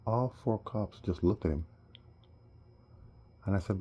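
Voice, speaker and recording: A man telling a rambling personal story, animated and sometimes heated. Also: deep voice, moderate pace, pauses often, dull audio. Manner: animated, rising to heated outbursts.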